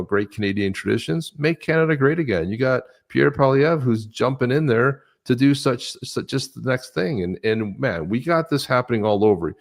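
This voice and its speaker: A man co-hosting a live stream podcast, ranting about politics with many fillers and restarts. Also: mid-range voice. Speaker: podcast co-host.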